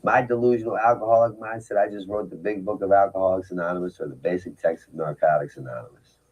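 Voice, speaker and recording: A man's voice: low voice, fast talker, slightly rough, lo-fi sound. Candid man telling his story. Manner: candid, emphatic, rhetorical asides. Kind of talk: personal storytelling talk.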